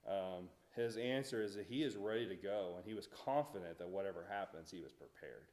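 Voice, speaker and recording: A man's voice: low-pitched, fairly quick, darkish tone. A man teaching a Bible study in a church, talking conversationally and asking the class questions.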